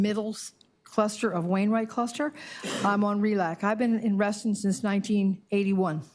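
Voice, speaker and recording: Older female resident at public comment, upset and halting. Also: mid-range voice. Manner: emotional, indignant, halting with restarts. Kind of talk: public comment at a community board meeting.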